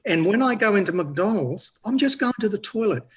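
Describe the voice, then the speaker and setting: A man calling in to a talk show, telling a playful story slowly. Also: high-pitched, animated, slightly rough. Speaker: caller. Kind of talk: casual chat.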